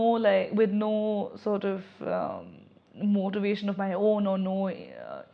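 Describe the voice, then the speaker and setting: A young adult woman giving candid personal testimony in an interview, reflective and halting, often restarting her sentences. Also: mid-range voice. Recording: slightly dull lo-fi audio.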